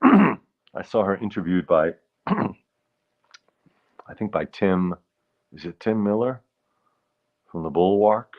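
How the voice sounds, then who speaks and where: A man's voice: lowish voice, sing-song, slow pace, pauses often, narrow, tinny audio. A man hosting a livestream, chatting casually and rambling while reading out comments from viewers. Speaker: livestream host.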